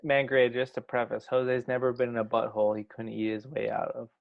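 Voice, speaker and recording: A man's voice: medium pitch, completely flat delivery, a little fast, vocal fry, no echo, lo-fi sound. A man bantering on a podcast with crude wisecracks. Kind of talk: casual banter.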